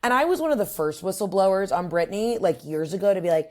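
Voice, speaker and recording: A woman's voice: medium pitch, animated, fast, hardly any pauses, darkish tone. A woman comedian as a podcast guest, talking in a brash, crude, storytelling way. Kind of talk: casual chat.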